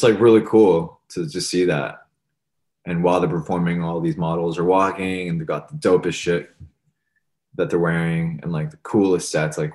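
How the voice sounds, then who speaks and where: A young man, a musician being interviewed, talking casually and rambling with lots of "like" and "you know". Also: low-pitched. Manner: relaxed, rambling, many fillers like "like" and "you know". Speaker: musician guest.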